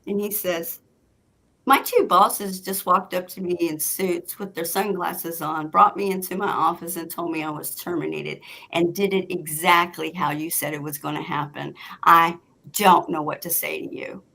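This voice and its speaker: A woman's voice: lowish voice, normal speed, vocal fry. A woman guest telling a personal story in casual chat, acting out what people said. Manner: animated, acts out quoted lines.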